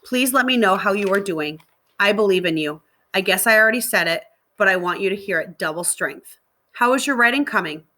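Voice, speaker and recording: Woman voicing a gentle encouraging male teacher, reassuring, bright, clear tone, storybook read-aloud. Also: mid-range voice, expressive, a little fast. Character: kind male middle school teacher, encouraging.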